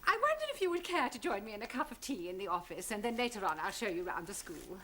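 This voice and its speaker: An actress playing a stern, formal school principal in a 1970s sitcom. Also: female voice, mid-range voice, very animated, fast, a bit bright, a little hiss or hum. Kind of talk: 1970s studio sitcom acting.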